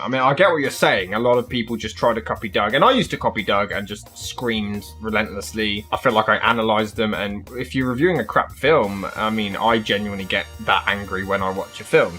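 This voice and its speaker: A man rattles through fan questions with blunt, sweary punchlines. His pitch swings widely as he jokes. Soft music plays underneath. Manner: blunt, sweary, quick comic answers. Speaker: YouTube reviewer answering fan questions. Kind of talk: casual comedic Q&A.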